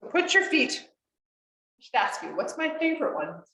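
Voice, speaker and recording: A woman guides a chair yoga class in an unhurried, slightly high voice, chatty and encouraging. She sounds a little distant from the mic. The room around her is echoey. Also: very animated, pushed and bright, slight background noise. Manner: encouraging, chatty, laughs often.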